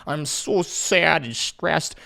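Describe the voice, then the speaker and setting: A man hosting a podcast, telling a story in a comic monologue, animated, excitable and full of swearing. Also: on the high side, takes it slowly, vocal fry. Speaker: podcast host.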